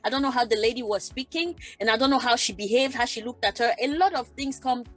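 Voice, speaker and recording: Animated woman panelist, higher voice. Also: fast, soft background music. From Germany. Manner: animated, acts out quoted exchanges, repeats herself. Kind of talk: panel discussion.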